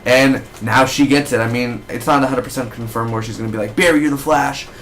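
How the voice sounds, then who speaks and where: A man giving a casual spoken review of a TV episode, rambling and excitable with lots of fillers. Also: medium pitch, quick pace, a little hiss or hum. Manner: rambling, excitable fan talk with many fillers.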